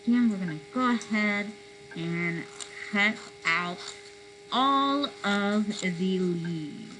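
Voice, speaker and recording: A woman's voice: medium pitch, slow, low-quality recording. A woman giving children careful, step-by-step craft instructions with attention to safety. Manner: gentle, careful, safety-minded explaining. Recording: faint mains hum.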